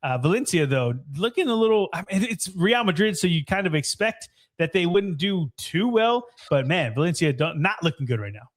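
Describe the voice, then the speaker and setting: Excitable man in a casual soccer podcast. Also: high-pitched, normal speed, hardly any pauses. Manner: excitable, swears freely. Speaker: podcast co-host. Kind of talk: casual soccer match review.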